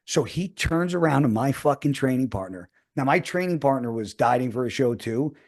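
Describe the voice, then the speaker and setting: A man's voice: mid-range voice, normal speed. A man in his forties telling a story in casual podcast chat, swearing constantly as he talks. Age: 40s. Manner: heavily profane, animated storytelling. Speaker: podcast co-host.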